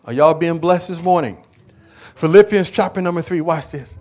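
A man preaching a church sermon, moving from quiet, conversational talk to loud call-and-response questions. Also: fairly high pitch, moderate pace. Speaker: pastor. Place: church service.

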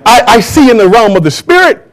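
A man's voice: very high voice, big pitch swings, fairly quick. A man preaching a sermon to a church congregation, emphatic and drawing call-and-response from the crowd. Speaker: pastor.

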